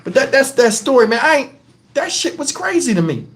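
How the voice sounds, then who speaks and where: A middle-aged man from Texas, USA, talks briskly in an extremely high-pitched voice while telling a story on his own channel. It's casual storytelling to camera, animated, foul-mouthed, and rambling, full of asides.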